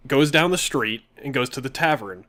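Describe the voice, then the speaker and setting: Young guy rambling thru a crazy d&d story, mid pitch, keeps laughing and doing the dialogue. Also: moderate pace. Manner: animated, laughs often, quotes people in dialogue. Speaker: podcast co-host telling a story. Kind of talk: casual storytelling.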